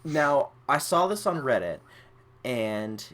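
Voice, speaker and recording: A man's voice: medium pitch, sing-song, slow pace, a bit bright. A young man hosting a casual gaming podcast, talking in a laid-back, rambling way with lots of fillers. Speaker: podcast host.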